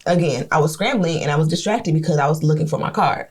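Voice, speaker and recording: Fast-talking, low-voiced woman podcaster. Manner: animated, swearing, acts out quotes. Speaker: podcast co-host. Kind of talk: casual storytelling chat.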